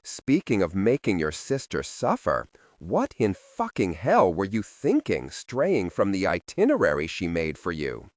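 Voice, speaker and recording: Cast: a man as a sardonic male demon, low Southern drawl, pointed and deadpan. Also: measured pace, dry recording, studio quality, heavily acted. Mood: scolding.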